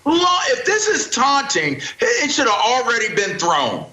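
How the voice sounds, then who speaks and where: A man's voice: very high voice, huge pitch swings, a little slow, reverberant, crowd noise, rough recording. A man co-hosting a heated sports debate show, arguing emphatically and repeating phrases to build his point. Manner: emphatic, repetitive, preacher-like build-ups.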